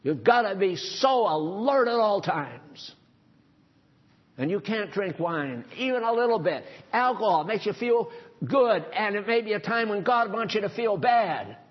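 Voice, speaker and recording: A man delivers a sermon in a fairly high, husky voice. He talks emphatically and sternly, breaking into casual asides. The recording sounds dull and lo-fi. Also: expressive, a little slow. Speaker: preacher.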